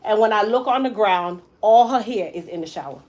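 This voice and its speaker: A woman's voice: medium pitch, fairly quick, rough recording. A woman hairstylist telling a personal story in a casual, emphatic way while working in her salon. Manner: animated, emphatic storyteller who acts out quotes. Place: hair salon.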